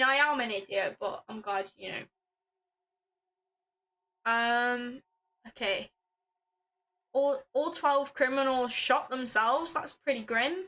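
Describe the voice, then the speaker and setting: A woman's voice: fairly high pitch, rough recording. A young woman streaming a puzzle game, reading game text aloud and swearing in frustration. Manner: swears a lot, exasperated, bursts into loud laughing rants. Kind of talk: casual live game commentary.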